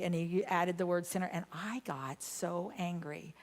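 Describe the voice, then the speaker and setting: A woman minister giving a sermon, telling a story with animated, emphatic bursts. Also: fairly low pitch, measured pace. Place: church sanctuary.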